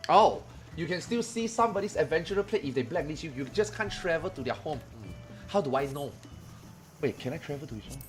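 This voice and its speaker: Speaking fairly quickly in a fairly high voice, a male streamer narrates a story for his chat, acting out his friends' lines and swearing liberally in a relaxed, animated way, with soft music in the background.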